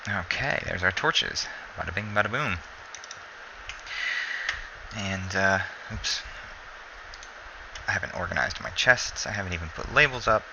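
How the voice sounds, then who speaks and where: A man's voice: deep voice, moderate pace, creaky, noisy background. A sleepy man giving casual gameplay commentary, rambling and correcting himself as he plays. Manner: rambling, self-correcting, relaxed. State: sleepy, yawning.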